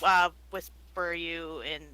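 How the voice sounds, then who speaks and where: Bright-voiced, giggly woman player. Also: fairly low pitch, fairly even intonation, slow pace, clear, resonant tone, no room sound. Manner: rambling, filler-heavy, giggly. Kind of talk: casual tabletop role-play.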